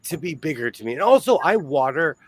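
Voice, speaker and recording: A man's voice: on the high side, big pitch swings, fairly quick, dry recording, poor audio. A man hosting a casual sewing chat, telling stories and laughing often. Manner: chatty storyteller who laughs often.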